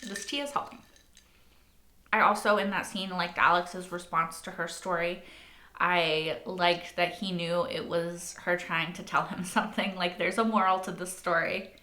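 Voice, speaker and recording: A woman's voice: fairly low pitch, fairly even intonation, moderate pace, sharp tone. A young woman hosting a reaction video, talking casually and swearing freely, with a lot of likes and rights. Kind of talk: casual spoken commentary. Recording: echoey room.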